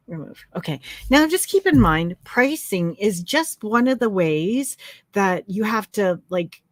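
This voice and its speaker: A woman's voice: mid-range voice, lively intonation, unhurried, dry recording. Woman, live-stream host, chatty, effusive, filler-heavy, dry close sound. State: tearful, emotional. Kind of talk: casual live-stream chat.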